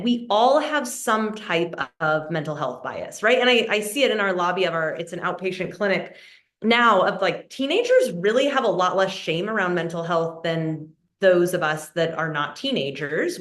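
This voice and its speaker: Warm-mannered therapist, female, presenting on a video call, chatty and earnest, mid-range voice. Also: mid-range voice. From Oregon, USA. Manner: friendly, earnest, lots of "like" and "um" with restarts. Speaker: guest speaker, licensed marriage and family therapist. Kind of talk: conversational webinar presentation.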